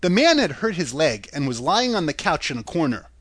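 A man reading a storybook aloud in a calm, steady narrating voice. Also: a little high, fairly quick, no echo.

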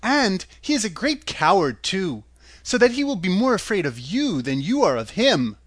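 A man voices an earnest, courteous young girl on a journey, pitching his voice high above his own natural range. The delivery is very animated at normal speed, in studio quality with no room sound.

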